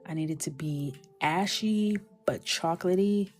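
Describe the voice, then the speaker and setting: Brief: woman, deep voice, slow and easy, playful self-talk while coloring, music playing clearly underneath. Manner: playful, chatty, talks to herself, often drops to a whisper. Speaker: coloring creator. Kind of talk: casual chat while coloring.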